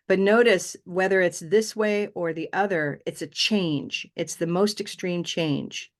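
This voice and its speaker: A woman teaching a pronunciation class online, her voice sitting a little low. She explains patiently and step by step, modeling how the phrases sound. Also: normal speed, hardly any pauses.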